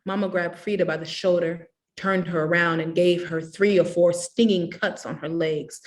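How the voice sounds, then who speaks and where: A woman's voice: lowish voice, fairly even intonation, moderate pace, few pauses. Woman reading a novel aloud. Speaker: reader.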